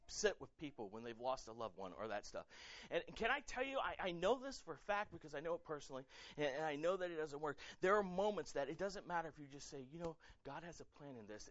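Male pastor, sermon, chatty and animated, bright voice, fairly high, dull dry lo-fi recording. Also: dry recording. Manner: animated, conversational, acts out quotes, many fillers and repeats.

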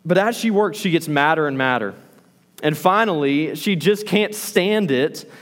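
A man preaching a sermon as a pastor, animated, acting out the lines he quotes. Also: on the high side, measured pace, big-room sound.

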